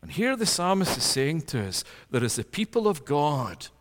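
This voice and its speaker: A man's voice: on the high side, very animated, moderate pace, a bit bright, in a large hall. A middle-aged man preaching a sermon, emphatic, building lists with rising force. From Scotland. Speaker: pastor.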